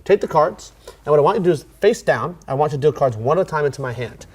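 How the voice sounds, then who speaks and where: A man with a fairly high, husky voice teaches a card magic routine in a casual tutorial at a quick pace. He talks in a relaxed way, full of fillers and restarts.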